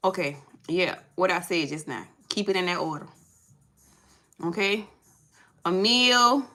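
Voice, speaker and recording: A woman's voice: lowish voice, unhurried, pushed and bright, rough recording. A woman reading tarot on a live stream, chatting casually with viewers and repeating herself as she sorts out names. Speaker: tarot reader.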